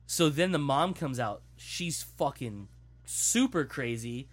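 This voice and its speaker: Man, casual chat, animated profane storytelling, mid-pitched voice. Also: takes it slowly.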